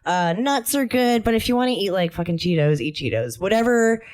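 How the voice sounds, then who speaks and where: A woman's voice: mid-range voice, expressive, fairly quick, a little mellow. A young adult woman co-hosting a podcast in casual chat, giggly and rambling, often laughing mid-sentence. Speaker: podcast co-host.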